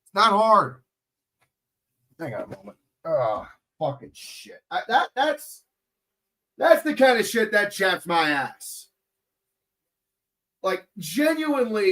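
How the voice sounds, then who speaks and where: This livestream commentator delivers profane play-by-play of a football game, ranting at and lecturing the players between plays. His voice sits high with big pitch swings, slow and bright but forceful, and he pauses often.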